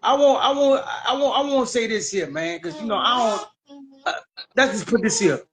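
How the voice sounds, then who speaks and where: A man from Washington, D.C., with a very high voice speaks in a candid conversation. His tone is bright and forceful. He drives each point home by repeating it, in heavy street slang. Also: expressive, moderate pace, low-quality recording.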